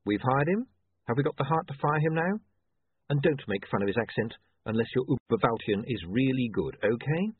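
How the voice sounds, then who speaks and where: Guy playing a wry young editor, lively up-and-down pitch, dry lo-fi phone sound. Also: slightly rough, no echo. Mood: firm. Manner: wry, hurried. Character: young male newspaper editor, wry and anxious.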